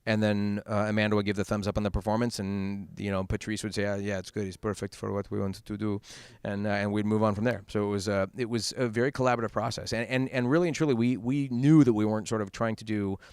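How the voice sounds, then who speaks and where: A man voice actor being interviewed at a convention, telling stories in a quick, animated way with many restarts. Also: fairly low pitch, clear, resonant tone, no echo. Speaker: voice actor guest. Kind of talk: casual interview chat.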